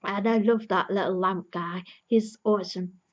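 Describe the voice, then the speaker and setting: A woman's voice: mid-range voice, fairly even intonation, normal speed, highs cut off. A woman giving an earnest, emotionally invested casual review, recapping an episode's plot as a fan.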